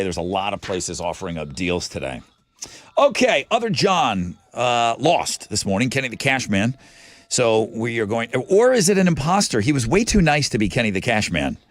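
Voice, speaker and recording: Animated man hosting morning radio. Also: mid-range voice, no room sound. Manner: lively, jokey, rattles off promos. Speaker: radio morning show host. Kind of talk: casual radio chat. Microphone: studio microphone.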